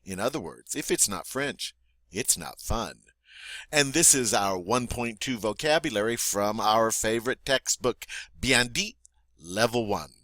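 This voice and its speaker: A man teaching French vocabulary, modeling each word slowly and deliberately, then pausing for the listener to repeat, in a friendly, encouraging teacher's tone. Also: lowish voice, expressive, pushed and bright, no echo. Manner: slow, deliberate model pronunciation with pauses for repeating. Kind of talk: vocabulary lesson for learners.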